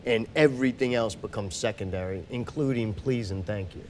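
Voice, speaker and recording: Slightly fast and fairly low-pitched, this man talks over a bit of background noise. As a guest on a podcast, the show booker keeps the interview casual, discussing booking gigs with wry bluntness and a habit of poking fun at himself.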